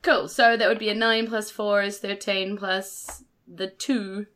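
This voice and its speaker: A woman's voice: medium pitch, little pitch movement, a little slow, a bit bright. A woman playing in a tabletop game, chatting casually and laughing often. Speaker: player.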